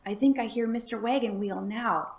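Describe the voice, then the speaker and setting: A woman voicing friendly, protective farm cows that speak in hushed warnings. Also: fairly high pitch, normal speed, echoey room, lightly acted.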